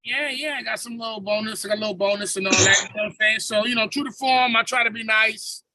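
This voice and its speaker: A man's voice: sits high, fast talker, sharp tone, low-quality recording. A man hosting a podcast over a video call, telling stories in a casual, profane, slang-heavy comedic rant. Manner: profane, storytelling with swearing and slang. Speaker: podcast host.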